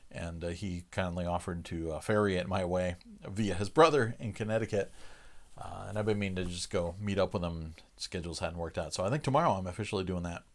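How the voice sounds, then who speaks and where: A man hosting a livestream, chatting casually with viewers and chuckling between loose, filler-heavy sentences. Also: low-pitched. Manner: relaxed, chuckling, lots of "uh" fillers. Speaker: livestream host. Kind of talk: casual chat with live chat viewers.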